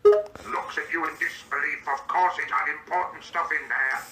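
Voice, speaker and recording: AI male voice as Mr. Bean: indignant, prim, narrates his own actions, slightly high. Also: normal speed, sharp tone, echoey room, recorded from a distance, faint music behind, poor audio. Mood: exasperated. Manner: reads his own stage directions aloud, indignant. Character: Mr. Bean, fussy indignant grown man. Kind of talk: AI voice improv role-play.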